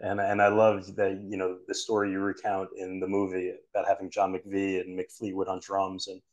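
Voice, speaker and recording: A man's voice: deep voice, monotone, normal speed, highs cut off. A man hosting a podcast interview, asking admiring questions. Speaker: podcast host.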